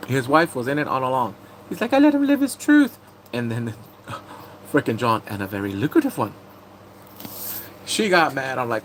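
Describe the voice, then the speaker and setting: Excitable man rambling through TV recaps. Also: slight background noise, low-quality recording. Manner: excitable, rambling, quick jumps into high squeals. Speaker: TV recap host. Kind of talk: casual TV recap chat.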